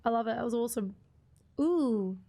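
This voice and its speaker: A woman's voice: on the high side, expressive, normal speed, warm tone. A woman streamer giving casual live gameplay commentary, chatty and greeting her chat with plenty of ums.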